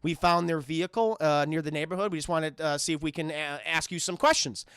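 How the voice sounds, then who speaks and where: A man voicing a hesitant police detective who speaks slowly and haltingly, stumbling over his words. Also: fairly high pitch, fairly even intonation, fairly bright tone, smooth, dry recording, studio quality, voice pushed down. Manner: halting, slow, full of "uh" fillers.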